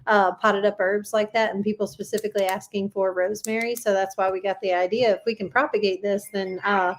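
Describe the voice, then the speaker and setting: A woman from the United States co-hosts a casual family live stream. She speaks at a mid pitch in a naturally quiet, soft voice. She chats easily and laughs a lot. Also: fairly even intonation, a little fast, a little hiss or hum.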